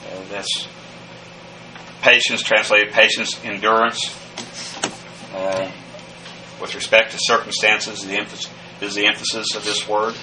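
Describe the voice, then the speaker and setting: A man's voice: fairly low pitch, level tone, a little slow, long pauses, bright, forceful tone, recorded from a distance, a little hiss or hum, poor audio. A man teaching a verse-by-verse Greek Bible lesson, methodical and full of "uh" fillers, spelling out Greek words letter by letter. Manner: frequent "uh" fillers and restarts. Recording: voice set back from the mic, faint ambience.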